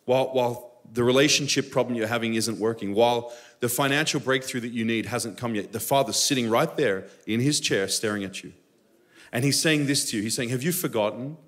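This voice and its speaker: Impassioned man preaching a sermon. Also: a bit bright. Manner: impassioned, rising to emphatic high bursts, with personal stories. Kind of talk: live Sunday sermon. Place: church sanctuary during a live service.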